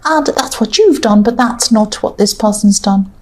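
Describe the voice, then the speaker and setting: A woman's voice: mid-range voice, animated, moderate pace, a little mellow. A woman doing a casual tarot reading to camera, thinking aloud in a rambling, hesitant way with many fillers. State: has the hiccups. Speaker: tarot reader.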